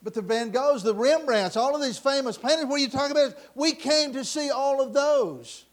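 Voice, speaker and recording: A man voicing an impatient man in an auction crowd who shouts his demands in a high, loud voice. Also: normal speed. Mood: indignant.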